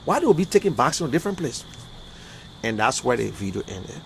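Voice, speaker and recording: A man's voice: medium pitch, big pitch swings, brisk, vocal fry, fairly bright tone, slight background noise. A man with a Liberian accent giving heated political talk on a livestream, emphatic and exasperated, repeating his points. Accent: Liberian English. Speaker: livestream commentator.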